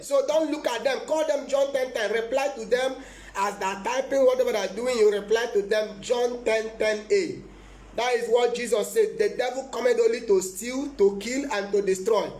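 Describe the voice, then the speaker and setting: A man's voice: sits high, darkish tone, roomy sound. A man preaching as a prophet in a live-streamed sermon, emphatic and repetitive, often breaking into laughter.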